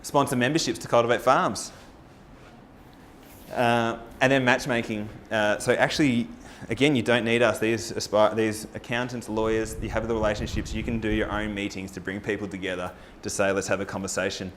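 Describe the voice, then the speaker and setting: Male presenter, low register, upbeat persuasive forum pitch. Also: normal speed, slight background noise. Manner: energetic, rallying, with rhetorical questions to the audience. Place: live talk at a farming forum.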